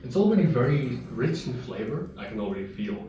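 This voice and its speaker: A man's voice: medium pitch, very animated, fairly quick, dull audio. A man reviewing chocolate in a casual, rambling chat, sometimes talking while he chews. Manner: chatty, rambling, talks while chewing. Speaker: vlogger tasting chocolate. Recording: very echoey room, mic far off, guitar music behind. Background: soft guitar music.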